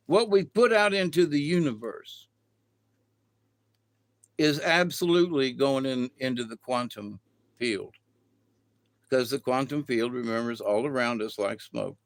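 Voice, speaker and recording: A man's voice: medium pitch, no echo. Folksy middle-aged man, dry close sound. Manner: folksy, colloquial, digressive. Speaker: vlogger. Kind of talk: rambling spiritual monologue.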